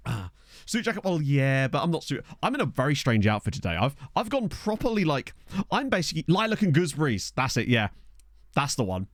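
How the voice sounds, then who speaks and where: A very animated man with a voice on the high side chats on a live stream while playing a football management game, thanking viewers, joking and laughing quickly. His desk microphone gives clean studio sound with no room sound.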